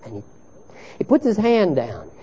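Male preacher, very animated pitch, dull lo-fi sermon recording. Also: moderate pace, slightly rough. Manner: swings from loud emphatic preaching to hushed storytelling.

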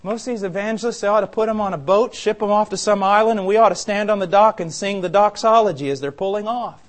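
High-pitched guy preaching hard, gets loud then drops quiet, really emphatic. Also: fast. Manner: impassioned, emphatic, shifts between quiet and loud. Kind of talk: sermon.

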